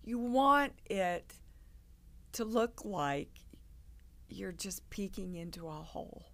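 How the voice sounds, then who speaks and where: A woman, a guest on an interview show, telling stories in an animated way and acting out the people in them. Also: medium pitch, slow pace. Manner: animated, acts out quoted people. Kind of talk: casual interview storytelling.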